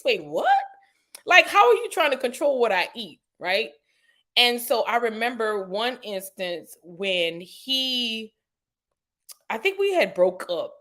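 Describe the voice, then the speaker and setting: A woman, a podcast guest telling a personal story in a lively way, acting out quotes with sudden jumps in pitch and using lots of "you know" and "like". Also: takes it slowly. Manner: animated retelling, acts out quotes with sharp pitch jumps; frequent "you know" and "like" fillers.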